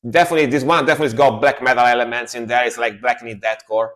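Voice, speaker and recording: A man streaming live reactions to metal songs, talking casually and excitedly, swearing and slipping into joke impressions. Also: medium pitch, very fast.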